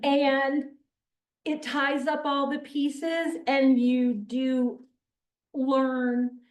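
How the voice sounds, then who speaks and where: A woman reads a novel aloud at an unhurried pace, then talks it over with a class. Her voice sits a little high, and she presses her points earnestly, checking that listeners follow. The mic is well back in a reverberant room. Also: little pitch movement. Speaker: book discussion leader. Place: classroom or church meeting room. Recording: echoey room, mic far off.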